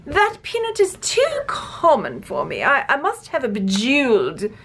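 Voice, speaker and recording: A woman doing a mock-regal impression of a haughty queen, with drawn-out, fancy speech. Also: sits high, wildly swooping pitch, creaky, fairly bright tone, husky, exaggerated voice. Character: posh haughty queen demanding bejeweled peanuts.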